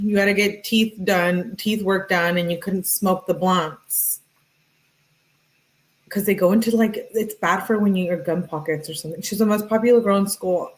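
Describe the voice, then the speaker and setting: A woman hosting a live stream, giving casual commentary in a sarcastic, mocking way and laughing often. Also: medium pitch.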